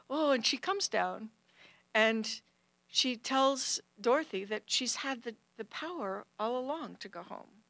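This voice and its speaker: A woman telling a true personal story on stage, animated and acting out the people in it. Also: a little high, unhurried, no echo. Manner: animated, acts out quoted voices. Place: stage at a film center.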